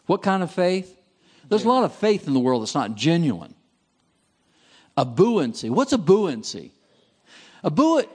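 A man preaching at a seminar, reading passages aloud and asking his listeners questions. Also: medium pitch. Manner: lively, asks the audience questions. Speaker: seminar speaker. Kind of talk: sermon.

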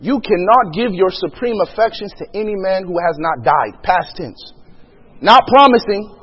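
A man's voice: sits high, lively intonation, moderate pace, slightly rough, dull audio. A man preaching a sermon, emphatic and full of rhetorical questions, acting out conversations as he goes. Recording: long hall reverb.

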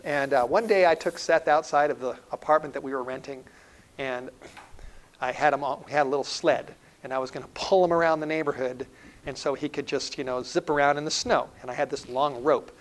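A middle-aged male preacher giving a sermon in an earnest way, building up loudly and then dropping to a hushed, intimate tone. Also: mid-range voice, steady tone, brisk, rough recording. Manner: earnest, swells loud then drops to a hushed tone.

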